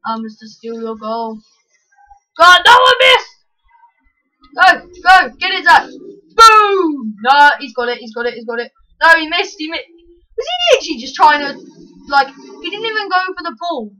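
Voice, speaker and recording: A woman giving excitable live commentary over her own gameplay, yelling at the screen with quick self-mocking asides. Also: high voice, rough recording. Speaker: gaming channel host.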